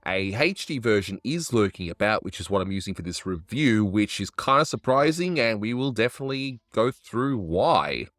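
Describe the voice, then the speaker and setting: Brief: man, low voice, dry close sound, casual wry review host. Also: animated, fairly bright tone, no echo. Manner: wry, chatty, quick asides.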